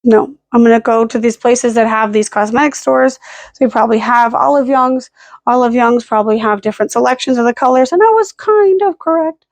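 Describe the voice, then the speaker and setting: Casual vlogger, woman, a bit high-pitched, rambling and self-mocking, dry close sound. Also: fairly quick, no room sound. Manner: rambling, self-deprecating, with frequent "like" and "um" fillers. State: hiccuping and burping. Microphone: camera held at arm's length.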